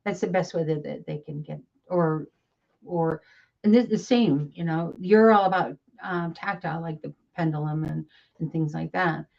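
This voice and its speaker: A woman speaking as a psychic medium in a relaxed live chat, calm and measured as she explains things. Her voice sits somewhat low for a woman. The audio is a little dull and lo-fi. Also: creaky. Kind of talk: casual conversation on a live broadcast.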